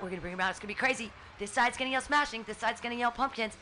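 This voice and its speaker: A woman in her forties, from California, co-hosting a radio show and telling a story in a lively way. She laughs often, swears casually and acts out her own shouting. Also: fairly high pitch, very fast, hardly any pauses. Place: small radio studio.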